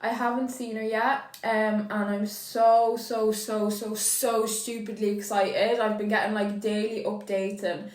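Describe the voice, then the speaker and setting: A woman's voice: mid-range voice, level tone, unhurried, few pauses, darkish tone, roomy sound, low-quality recording. A young Irish woman vlogging casually while doing her makeup, chatty and emotional, with casual swearing. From Ireland. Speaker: beauty vlogger.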